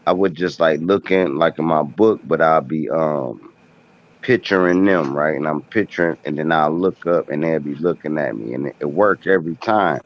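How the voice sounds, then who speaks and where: Low-voiced guy rambling in slang, lots of likes and ums. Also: normal speed. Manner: rambling, slangy, many fillers and restarts. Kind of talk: casual group chat. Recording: dull lo-fi stream audio.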